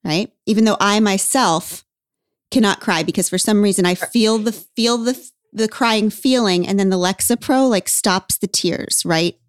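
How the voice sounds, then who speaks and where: A woman's voice: medium pitch, a little slow, clear, resonant tone, dry recording, studio quality. A woman hosting a podcast in casual chat, wry and emphatic, laughing often. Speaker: podcast host.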